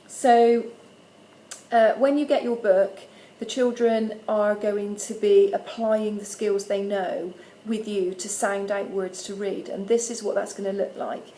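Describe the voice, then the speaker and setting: A primary school teacher makes a friendly instructional video for parents, patiently sounding out letters slowly and clearly. Her voice is medium-pitched, level and dark. The recording is rough, with a little hiss or hum.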